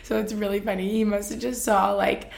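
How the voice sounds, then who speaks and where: A woman's voice: mid-range voice, level tone, a little fast, gravelly. A young woman telling casual stories to her listeners, chatty and full of fillers, often laughing. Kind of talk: casual storytelling chat.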